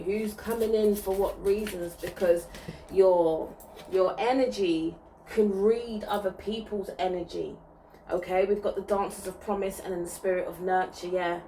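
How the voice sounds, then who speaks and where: A soothing woman gives an intuitive spiritual reading, often checking in with her listeners. She talks at a middling pitch, a little off the microphone, with a faint hiss in the background. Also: warm tone, distant mic, low-quality recording. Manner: soothing, reassuring, frequent "okay?" check-ins. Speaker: spiritual reader.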